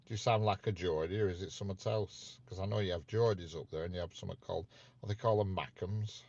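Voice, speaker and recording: A man's voice: low-pitched, quick pace, creaky, darkish tone, dry recording, lo-fi sound. A man hosting a casual live stream, chatting with viewers and playfully quizzing them. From north of England. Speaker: livestream host chatting with viewers.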